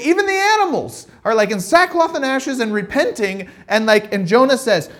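Animated man preaching a lively sermon. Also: very high-pitched, fairly quick, few pauses. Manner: lively, animated, conversational storytelling with frequent "right?" and "like". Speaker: pastor.

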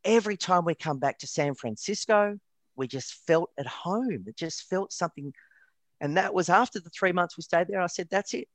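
Animated Australian man telling stories. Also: high-pitched, moderate pace, no room sound. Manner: animated, lively anecdotes with stammered repeats. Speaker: interview guest, retired wedding photographer. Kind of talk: casual storytelling.

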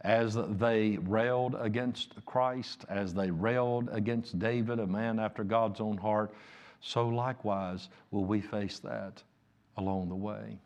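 A man preaching a sermon, slow and emphatic, sometimes dropping to a hushed near-whisper. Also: lowish voice, steady tone.

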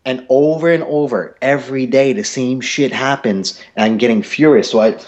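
A young man ranting on a podcast, his storytelling animated and full of swearing. His voice sits at an ordinary pitch. The recording sounds dull and lo-fi. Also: normal speed. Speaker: podcast host. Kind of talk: casual podcast chat.

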